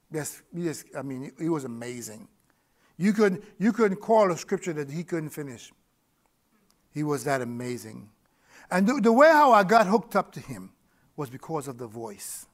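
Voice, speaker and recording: High-voiced man preaching a lively testimony. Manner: animated storytelling, laughing, repeats words. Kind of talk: testimony sermon.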